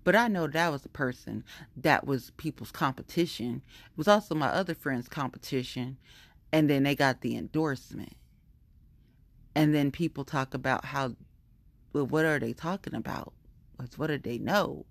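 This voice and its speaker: A woman rants in a heated, profane monologue, circling back to the same complaints again and again. Her voice sits low, and it is recorded close and dry with no room sound around it. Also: normal speed, no room sound. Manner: profane, heated, repetitive venting. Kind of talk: casual ranting monologue.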